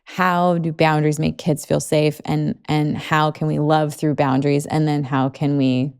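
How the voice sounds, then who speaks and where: A woman's voice: sits low, flat delivery, normal speed, a little mellow, smooth. A woman in her thirties hosting a podcast, talking in a rambling way full of "like". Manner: rambling, lots of "like". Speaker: podcast host. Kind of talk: conversational podcast interview.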